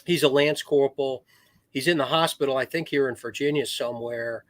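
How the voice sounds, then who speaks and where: Brisk and mid-range, with no echo on the recording, a middle-aged man who retired as a Marine officer shares casual war stories on a podcast. He rambles and restarts, putting on voices for the people he quotes.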